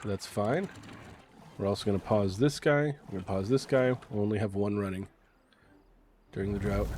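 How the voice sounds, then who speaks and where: A man casually commentating his gameplay on a stream, chatty and excitable, cursing now and then. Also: fairly low pitch, moderate pace, pauses often, a little hiss or hum. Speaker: game streamer.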